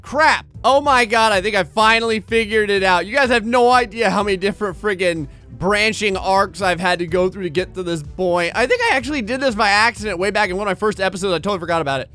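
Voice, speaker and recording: A man's voice: sits high, fast, few pauses, bright, forceful tone. A man giving casual let's-play commentary, joking, swearing and laughing as he plays. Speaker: gameplay commentator.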